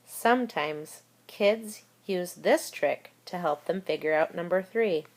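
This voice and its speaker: A woman's voice: fairly low pitch, slow pace. A woman teacher giving a recorded spelling lesson to young children, talking them through words and spelling them out letter by letter. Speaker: elementary school teacher.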